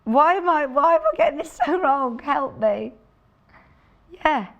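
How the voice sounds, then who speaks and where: A woman's voice: high voice, expressive, measured pace, highs cut off. A woman presenting sewing products on a live shopping channel, chatty and enthusiastic, thinking aloud as she demonstrates. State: out of breath. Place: TV studio.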